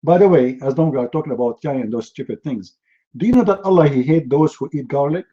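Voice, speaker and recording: High-pitched sarcastic man. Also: quick pace, warm tone, muffled recording. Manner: mocking, sarcastic storyteller. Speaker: speaker. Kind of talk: humorous seminar talk.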